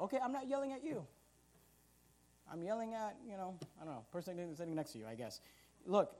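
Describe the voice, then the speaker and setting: A man's voice: fairly high pitch, darkish tone. A man preaching a fiery sermon as pastor, emphatic and confrontational, repeating his points. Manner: emphatic, repetitive, confrontational preaching with rising volume bursts.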